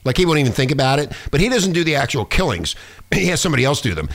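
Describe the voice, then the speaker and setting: A man hosting a radio show, trading excitable, profane stories with his guest. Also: on the high side, racing. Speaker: radio host. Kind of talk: casual radio chat.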